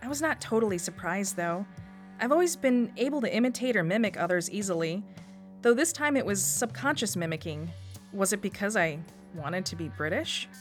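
A woman from Wisconsin with a Northeast Wisconsin accent, reading her own personal radio essay in a lively first-person telling. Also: medium pitch, normal speed, soft background music. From Wisconsin, USA. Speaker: storyteller.

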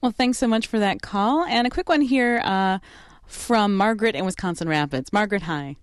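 A woman co-hosting a public radio talk show, cheerful and quick to laugh. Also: medium pitch, expressive, smooth, no room sound, clean studio sound. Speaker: radio co-host. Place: radio studio.

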